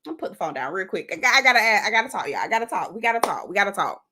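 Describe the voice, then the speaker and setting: A young woman, hosting a casual live stream, animated and cussing freely as she reacts and reads comments aloud. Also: mid-range voice, racing.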